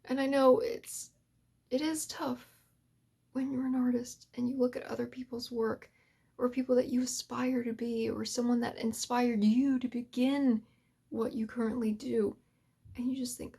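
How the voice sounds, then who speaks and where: Breathy, emotional woman, half-whispering. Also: fairly high pitch, level tone, moderate pace, mellow. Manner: earnest, drifting in and out of whisper. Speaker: ASMR channel host. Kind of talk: soft-spoken heartfelt talk to creators.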